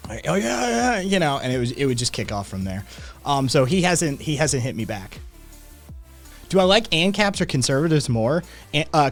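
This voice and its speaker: A man talks loosely to his live chat, rambling, repeating himself and swearing freely. His voice sits at an ordinary middle pitch. Faint music plays underneath. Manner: profane, rambling, animated. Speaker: podcast host. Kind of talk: casual livestream chat, reading chat.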